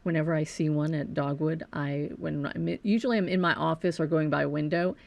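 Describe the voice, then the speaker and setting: A woman who directs a nature center, answering questions in a casual interview as an animated, informative storyteller. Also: deep voice, brisk, gravelly.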